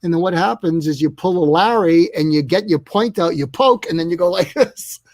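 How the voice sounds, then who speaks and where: A man's voice: on the high side, moderate pace, dry recording. A man speaking as an interview guest who explains ideas step by step in an earnest way, often acting out little dialogues. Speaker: guest expert on listening. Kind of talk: interview conversation.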